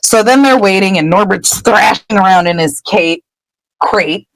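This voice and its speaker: A woman's voice: medium pitch, a little slow, no room sound, rough recording. A woman podcast host casually recapping a book chapter, laughing and popping into character voices. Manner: animated, laughing storyteller.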